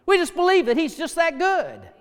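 A man preaching a sermon with passion, dropping to hushed low tones for emphasis. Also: wildly swooping pitch, moderate pace. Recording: long hall reverb.

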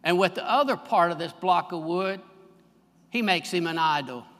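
A high-pitched man, preaching a fervent sermon to his church. His voice is bright and penetrating. It rings with the long reverb of a large sanctuary, and it climbs in force on the key lines. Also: moderate pace. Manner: fervent preaching, swelling louder on key phrases. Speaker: pastor.

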